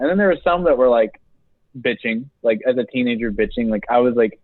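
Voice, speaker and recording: A man's voice: mid-range voice, lively intonation, fairly quick, dry recording. A young man co-hosting a casual podcast, telling rambling stories and laughing as he talks. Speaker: podcast co-host. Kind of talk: casual chat. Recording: dry, tinny phone-like sound.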